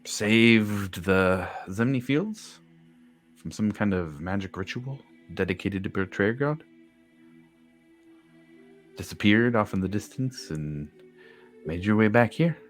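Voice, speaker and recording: A man's voice: lowish voice, lively intonation, slow, pauses often, soft background music. A man narrating a tabletop game as the game master, in a laid-back way with fillers.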